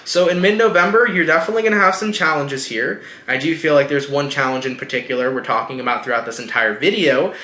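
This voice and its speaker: A man's voice: a little high, quick pace, few pauses, sharp tone, echoey room. A man giving a casual tarot reading, speaking reassuringly and straight to the viewer. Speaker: tarot reader.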